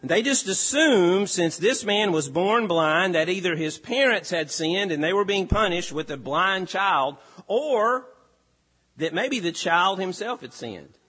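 A male pastor delivering a sermon, slow and emphatic with deliberate pauses. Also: high-pitched, expressive, sharp tone, slightly rough, in a large hall.

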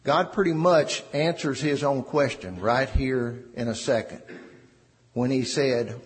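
A man preaching a sermon, slow and emphatic with dramatic pauses, in a church. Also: medium pitch, big-room sound.

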